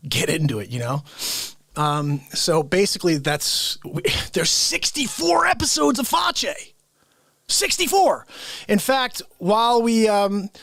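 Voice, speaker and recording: A man's voice: fairly high pitch, a bit bright, no room sound. A man hosting a live comedy stream, chatting casually and directly with his viewers. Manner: chatty, talks straight to viewers. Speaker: livestream host.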